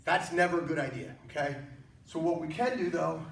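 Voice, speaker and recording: A man's voice: a little high, brisk, creaky. A man teaching an online martial arts class, coaching with energy and jokes. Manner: energetic, joking, encouraging coaching. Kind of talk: online workout class instruction. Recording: echoey room, mic at a distance, faint noise.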